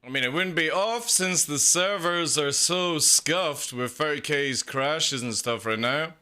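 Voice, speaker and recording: A man, chatting casually on a game stream, swearing freely and riffing excitedly. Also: on the high side, measured pace. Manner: swears freely, excitable, laughs and riffs aloud. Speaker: gaming streamer. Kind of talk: casual live-stream chat over gameplay. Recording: game sounds clearly audible behind.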